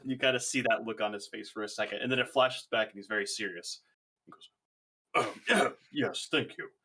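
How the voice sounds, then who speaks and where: A man's voice: lowish voice, steady tone, quick pace, bright, forceful tone, a little hiss or hum. A man running a tabletop game as game master, narrating in an easygoing way with frequent laughs and fillers.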